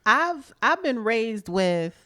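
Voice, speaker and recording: Lively woman agreeing in casual chat. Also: a little high, slow, slight background noise. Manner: supportive, frequent agreeing interjections. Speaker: podcast co-host.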